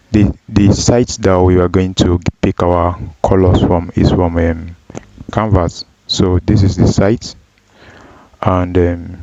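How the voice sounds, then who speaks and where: A man teaching a data analysis tutorial, walking through each step slowly with frequent ums and self-corrections. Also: deep voice, mellow, no echo. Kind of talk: screen-recorded software tutorial. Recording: dull, dry lo-fi voice track.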